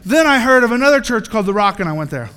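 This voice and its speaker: Bright, high-voiced man preaching in a hall. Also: very fast. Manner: animated, joking, acts out little scenes. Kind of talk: sermon.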